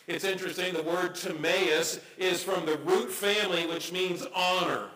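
A man preaches in a bright, ringing voice that sits a little high for a man. His delivery swings between quiet, hushed asides and sudden loud cries. The sound is roomy and echoing, as in a church hall. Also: fairly even intonation, normal speed, few pauses. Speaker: pastor. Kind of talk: sermon.

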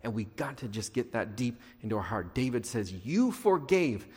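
A man preaching a sermon as pastor, animated, acting out quoted prayers and moving between loud and hushed delivery. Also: mid-range voice, normal speed, slightly rough. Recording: long hall reverb.

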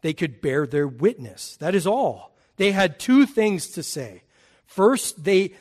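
A man delivering a sermon, with a voice pitched a little above the usual male range. He teaches emphatically, lifting his voice to stress key points and dropping it low to close a thought. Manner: emphatic, rises and falls in pitch and volume. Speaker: preacher.

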